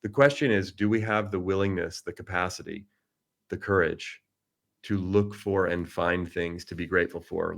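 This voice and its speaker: A man's voice: low voice, gravelly. A middle-aged man giving a reflective, earnest motivational talk over a video call. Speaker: keynote speaker. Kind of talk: motivational talk with personal story.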